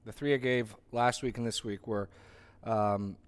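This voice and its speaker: A man's voice: on the low side, fairly even intonation, a little slow, clean tone. A middle-aged man leading a Bible study as its pastor, conversational and full of restarts and asides while teaching a group.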